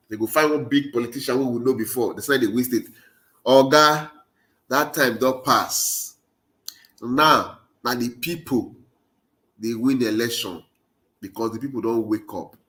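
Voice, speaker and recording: A political commentator speaks at a moderate pace in a mid-range voice with a Nigerian Pidgin accent. His monologue is impassioned, driven by rallying phrases he repeats to urge listeners on.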